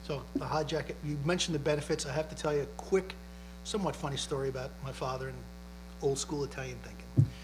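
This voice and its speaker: A middle-aged police chief speaks at a community event in a library, explaining things and telling stories on a public panel. His voice is a little high and fairly even in intonation, and he talks fast over background noise. He's chatty and often ends lines with "right?".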